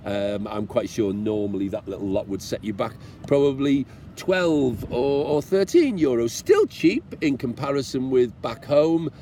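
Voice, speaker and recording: A man's voice: medium pitch, expressive, unhurried, warm tone, a little hiss or hum. A British man talking casually to camera about his motorcycle travels, chatty and encouraging, joking that he is tearing up now and then. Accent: British English. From Britain. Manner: chatty, encouraging, self-mocking, jokingly tearful.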